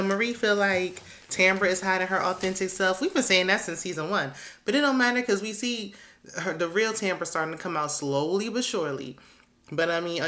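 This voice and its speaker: A woman's voice: on the low side, pushed and bright. A woman recapping a reality show in a casual, gossipy way, with sassy asides and frequent laughter. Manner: sassy, chatty, laughs often.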